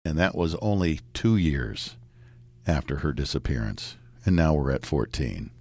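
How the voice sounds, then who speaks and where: A man with a very deep, low voice talks through a news story, reflective and conversational. The recording is dry and close, with no room sound. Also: lively intonation, a little slow, darkish tone, dry recording. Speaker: news reporter. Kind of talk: podcast news discussion.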